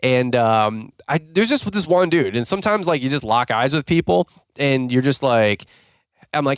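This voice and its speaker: A man hosting a podcast, telling rambling, self-mocking stories full of fillers and jumping up in pitch whenever he quotes someone. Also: expressive, moderate pace, clean tone, no echo, clean studio sound. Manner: filler-heavy, self-mocking, jumps into higher-pitched voices when quoting people. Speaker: podcast host. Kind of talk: casual rambling storytelling.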